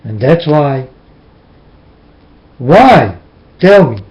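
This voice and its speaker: A man's voice: a little high, very animated, very slow, a little mellow. A man giving an emotional religious monologue from his room, pleading and preaching as his voice keeps breaking into tears. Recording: dull lo-fi recording.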